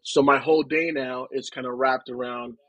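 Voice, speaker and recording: A man's voice: mid-range voice, normal speed, no echo, low-quality recording. Laid-back man, dry close recording. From New Jersey, United States. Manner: relaxed, rambling, fills talk with "man" and "right". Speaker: podcast guest. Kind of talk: casual conversation.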